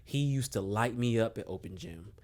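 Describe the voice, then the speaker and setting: A young man from Maryland, a guest on a podcast, telling a relaxed story with lots of fillers and chuckles. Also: lowish voice, normal speed. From Maryland, USA. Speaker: podcast guest, basketball coach. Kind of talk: casual storytelling interview.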